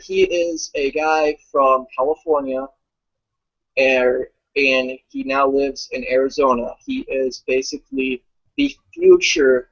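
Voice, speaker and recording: A man talking in a casual, rambling way, animated and profane, with lots of fillers. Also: medium pitch. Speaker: guest commentator. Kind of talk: casual chat. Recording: dull lo-fi audio.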